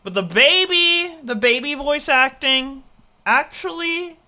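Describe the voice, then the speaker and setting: Excitable, swearing reaction streamer. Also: high voice, slow. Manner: swearing, excitable, self-mocking. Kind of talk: casual reaction commentary.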